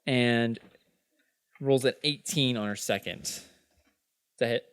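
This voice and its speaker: A man narrating as game master in a tabletop game, with loose, halting narration full of fillers. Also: medium pitch, fairly bright tone, clean tone.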